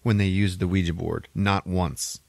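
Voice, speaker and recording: Low-voiced man retelling a movie, swearing. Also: moderate pace, creaky, no echo. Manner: profane, animated storytelling. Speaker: podcast host. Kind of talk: casual movie plot retelling.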